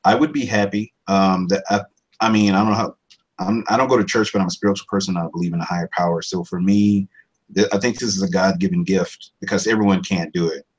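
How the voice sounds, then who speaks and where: A man's voice: fairly even intonation, fast, slightly rough, low-quality recording. A man in his thirties, a voice over artist, talking casually in an interview, rambling with many restarts. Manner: rambling, restarts often, jumps into higher impressions.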